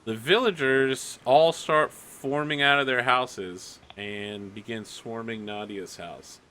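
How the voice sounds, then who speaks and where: A young man runs a tabletop roleplaying session, narrating in a loose, casual way full of filler words. His voice is bright and forward. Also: medium pitch, fairly even intonation, takes it slowly, slight background noise. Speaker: game master.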